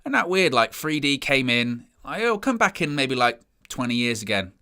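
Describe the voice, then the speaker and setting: A man's voice: mid-range voice, big pitch swings, normal speed, pushed and bright, smooth. A young man hosting a live football watch-along, rambling and glum about his team's play. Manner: dejected, rambling, self-mocking. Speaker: match watch-along host.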